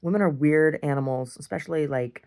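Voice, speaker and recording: A woman's voice: deep voice, fairly quick, darkish tone. A woman talking bluntly and profanely in a rambling diary monologue, with many restarts and small chuckles. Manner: blunt and profane, full of restarts and "I don't know"; chuckles often. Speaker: video diarist.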